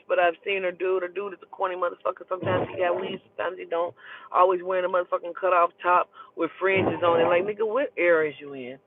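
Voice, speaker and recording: A woman telling a heated, profane story in an emphatic, animated way. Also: on the low side, slight background noise. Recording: tinny phone-like sound.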